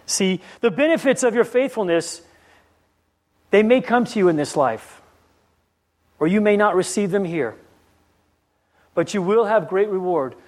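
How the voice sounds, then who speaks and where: A man's voice: sits high, expressive, unhurried, pauses often, darkish tone. A man preaching a sermon, pressing the listeners with repeated rhetorical questions and telling a story.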